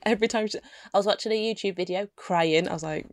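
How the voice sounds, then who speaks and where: A woman's voice: medium pitch, fast talker, dry recording. A woman in casual podcast chat, making dry, wry remarks.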